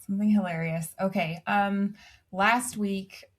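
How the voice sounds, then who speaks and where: A woman's voice: mid-range voice, steady tone, unhurried. A woman in her thirties, a podcast guest, telling stories in casual chat and laughing often. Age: 30s. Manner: chatty storyteller, laughs often.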